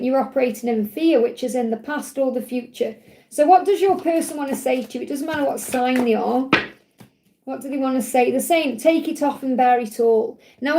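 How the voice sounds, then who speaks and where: A woman from the UK talks through a live tarot reading in a high but dark, mellow voice. She sounds a little croaky today. She keeps repeating key words and checking in with "okay?" to reassure the viewers. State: slightly croaky voice. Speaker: tarot reader and livestream host.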